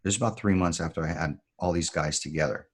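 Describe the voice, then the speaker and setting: Deep-voiced man telling a story. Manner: measured, reflective storytelling. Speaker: podcast guest, former Marine. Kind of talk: storytelling in conversation.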